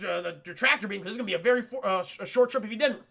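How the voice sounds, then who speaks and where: A man's voice: high voice, racing, vocal fry, pushed and bright, exaggerated voice. A man voicing a cocky male space smuggler pilot who talks urgently and swears. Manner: urgent, profane.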